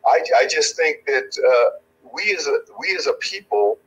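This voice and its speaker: A man's voice: a little high, expressive, normal speed, creaky, fairly bright tone, low-quality recording. Earnest rambling man candidate. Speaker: political candidate. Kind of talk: interview answers.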